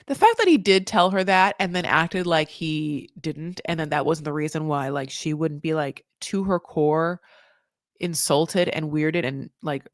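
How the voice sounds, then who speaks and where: Animated gossipy woman with a dry sound. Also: measured pace, no room sound. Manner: animated, gossipy, with sudden jumps in pitch and loudness; says "honey" and "like" often. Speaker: podcast host recapping a reality show. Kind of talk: casual commentary.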